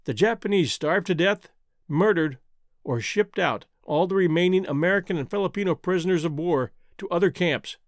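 Casting: male documentary narrator, slightly raised pitch, measured and solemn delivery, dry close recording. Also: no echo. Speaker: history narrator.

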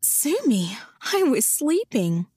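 A woman's voice: sits high, big pitch swings, slow, warm tone, breathy edge, no room sound, studio quality, voice pushed up, heavily acted. A woman playing a brash, sarcastic young woman. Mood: sleepy grumbling. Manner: sarcastic, cheeky banter. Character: brash, sharp-tongued woman of twenty-seven. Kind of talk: audiobook character voice.

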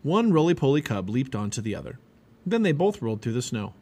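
Man reading a storybook aloud with lively pitch. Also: a little fast. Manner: animated, expressive reading with many character voices. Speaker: parent reading a children's book aloud.

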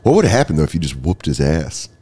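Animated joking man on a podcast. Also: extremely low pitch, fast, husky. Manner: animated, jokey, breaks into silly voices and laughs. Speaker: podcast host, comedian. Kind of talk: casual comedic chat.

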